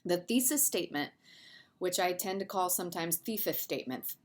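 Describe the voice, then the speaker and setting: A woman's voice: lowish voice, animated, moderate pace. Casual woman teaching a lesson. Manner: conversational, with fillers and asides. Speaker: English teacher. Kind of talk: recorded video lesson.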